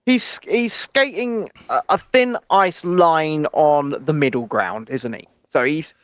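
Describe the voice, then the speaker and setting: A man's voice: a little high, slow pace, no echo. A man co-hosting a casual news chat show, talking in an opinionated, chatty way with hedging asides. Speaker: co-host.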